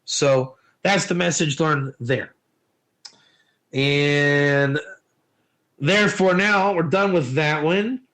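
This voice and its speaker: A man teaching a Torah lesson in an informal, animated way, telling stories and asking rhetorical questions. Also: fairly high pitch, takes it slowly, long pauses, rough recording.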